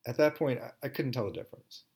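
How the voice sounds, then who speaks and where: A man tells a story in the first person in a wry, candid voice. He talks conversationally at a middle pitch, as if to a friend. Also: animated, fast talker, a little mellow.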